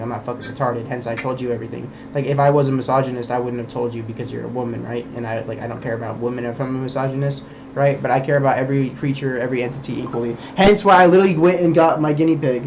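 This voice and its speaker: A man's voice: mid-range voice, a little mellow, highs cut off, slight background noise. A male streamer in a rambling, profane live-stream monologue, full of fillers and restarts.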